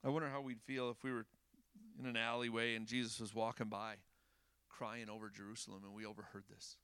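A man preaching a sermon in a casual, animated way, rising to loud emphasis and dropping to hushed tones. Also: lowish voice, fairly quick, smooth, no echo.

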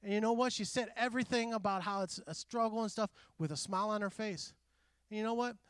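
High-voiced man preaching a lively sermon. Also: quick pace, clean tone, no echo, studio quality. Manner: animated, conversational preaching with quoted asides. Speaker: pastor.

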